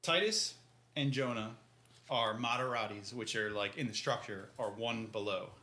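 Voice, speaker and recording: A man's voice: medium pitch, moderate pace, pushed and bright. A man co-hosting a podcast, recapping a book chapter in a laid-back, slangy way and acting out the characters' lines. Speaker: podcast co-host. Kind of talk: casual book-discussion chat.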